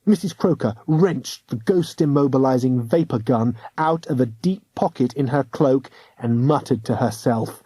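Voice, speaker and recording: A man narrating a children's audiobook with a measured, dramatic reading. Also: mid-range voice, dark tone, slightly rough, no room sound. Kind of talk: scripted storybook narration.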